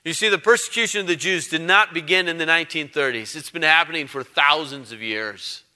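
A man's voice: fairly high pitch, brisk, pushed and bright. A male pastor giving a conversational sermon, emphatic and given to repeating phrases for weight.

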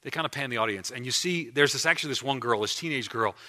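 A man preaching a sermon as pastor in a church, animated and emphatic, often restarting his phrases. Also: mid-range voice, fast talker. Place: church before a congregation.

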